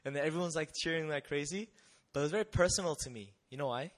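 A young man telling a personal testimony to an audience in a conversational, animated way, often checking in with rhetorical questions. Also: fairly high pitch, quick pace. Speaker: missionary speaker.

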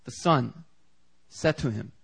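A man's voice: mid-range voice, takes it slowly, vocal fry, husky. A man preaching a sermon in a casual, conversational way, acting out the quoted lines with big jumps in voice. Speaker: pastor.

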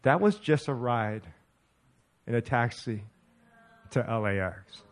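A middle-aged male pastor telling a story in a sermon, animated and laughing as he acts out the dialogue. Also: mid-range voice, slow pace.

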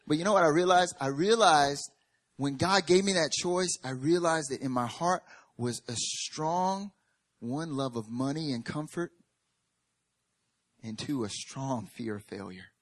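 Guy preaching, animated storytelling, jokes and repeats stuff for emphasis, sometimes goes quiet and earnest. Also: a little high, a little slow. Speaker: pastor. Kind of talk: sermon with personal testimony.

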